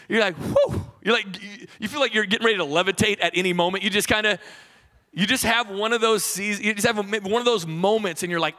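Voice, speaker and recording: A pastor delivering a sermon in a high, ringing voice. He talks to the congregation like a friend, animated and quick to restart a thought. He acts out quotes along the way. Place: church stage.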